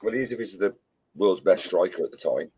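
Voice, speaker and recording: Low husky British man telling jokes. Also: lively intonation, a little fast, a little mellow, no echo, muffled recording. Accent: British English. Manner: jokey storyteller who quotes comedy films. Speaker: co-host chatting while model making. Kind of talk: casual chat.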